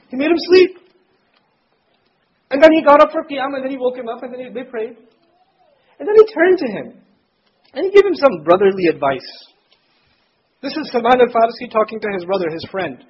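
A man's voice: very high-pitched, expressive, brisk, long pauses. A man giving a conversational religious lecture to students, explaining scripture terms in plain everyday speech. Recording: dull lo-fi recording with faint noise.

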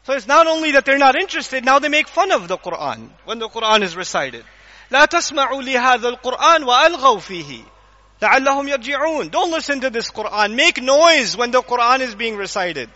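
A man delivers a lively religious lecture in a very high, bright voice. He acts out little scenes and keeps asking the audience questions. The recording is dull and lo-fi. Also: brisk, few pauses, in a large hall. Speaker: Islamic lecturer.

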